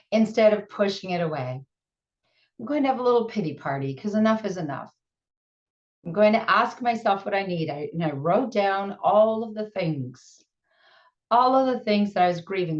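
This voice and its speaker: Unhurried woman host, muffled sound. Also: medium pitch. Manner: warm, candid, laughs at herself. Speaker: show host and speaker. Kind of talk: reflective personal talk.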